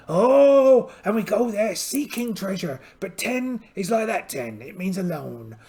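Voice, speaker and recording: A man's voice: high voice, creaky, heavily acted. A man voicing a polite, boastful one-eyed pirate captain in a solo tabletop game, theatrical and full of exclamations. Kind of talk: in-character solo game narration.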